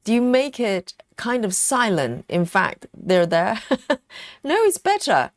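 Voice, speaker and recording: A woman hosts a relaxed craft livestream, reading out viewers' comments and answering them. Her voice moves lively up and down, but she talks slowly with plenty of pauses and small laughs. The sound is close and dry, with no room around it. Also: fairly high pitch, no echo. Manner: laughs often, chatty, repeats words while thinking. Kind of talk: casual chat reading live comments.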